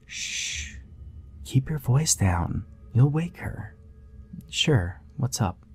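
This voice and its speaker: A man voicing an anxious young mother who speaks softly, sometimes in a whisper. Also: mid-range voice, huge pitch swings, a little slow, creaky, husky, voice pushed up, exaggerated voice. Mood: hushed. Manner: soft hushed speaking, at times whispered.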